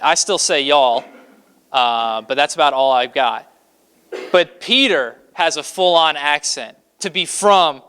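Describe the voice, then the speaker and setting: Male pastor from Kentucky, chatty sermon delivery, smooth resonant tone, slightly high voice. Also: bright, forceful tone. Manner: conversational, with frequent fillers; acts out scripture quotes dramatically.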